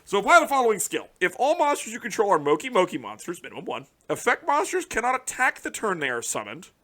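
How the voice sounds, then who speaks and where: A man hosting his card game channel, reacting to new cards in casual, heavily profane commentary that swings between muttering and excited shouting. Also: high-pitched, fast talker.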